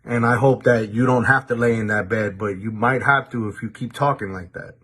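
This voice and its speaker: Husky-voiced man issuing a stern warning. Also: medium pitch, fairly even intonation, fairly bright tone. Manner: deliberate warning tone, repeats words as he restarts. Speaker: commentator addressing viewers. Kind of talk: direct-to-camera monologue.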